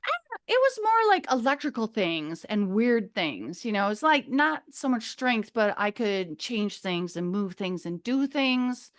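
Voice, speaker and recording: Chatty, fairly high-voiced woman from Minnesota. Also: sing-song, measured pace. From Minnesota, USA. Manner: chatty, goes off on tangents, swears freely, laughs often. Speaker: podcast guest. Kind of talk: casual storytelling interview.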